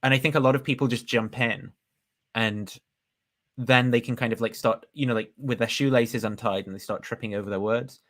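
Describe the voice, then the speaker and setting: A man's voice: medium pitch, fairly even intonation, brisk, fairly bright tone. A man hosting a casual review of a recorded discussion, rambling and chatty as he comments. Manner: rambling, chatty, laughs at himself.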